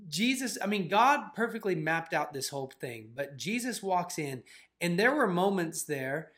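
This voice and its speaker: A man co-hosting a faith channel, telling a story in a casual, animated way with lots of "like" fillers. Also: high voice, moderate pace. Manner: animated, filler-heavy retelling with "like".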